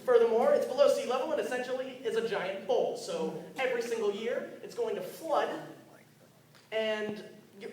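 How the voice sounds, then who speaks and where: A man's voice: very high voice, expressive, normal speed, darkish tone, a little hiss or hum. A teenage boy doing a stand-up monologue at an open mic, nervous and self-deprecating, often stumbling over his words. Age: teens. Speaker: student comedian. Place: school hall with audience. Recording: echoey hall from far off, crowd.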